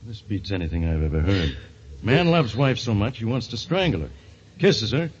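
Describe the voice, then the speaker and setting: A blunt police inspector with a husky, lively voice and gruff, folksy slang. The recording is dull and lo-fi, like old radio. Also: male voice, lowish voice, moderate pace. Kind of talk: 1940s radio acting.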